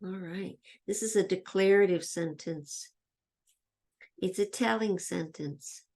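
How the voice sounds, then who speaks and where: Slow, sing-song woman teaching grammar. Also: lowish voice, darkish tone. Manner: slow, chanting question-and-answer drills; plays a pretend student asking herself questions. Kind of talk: grammar lesson for young children.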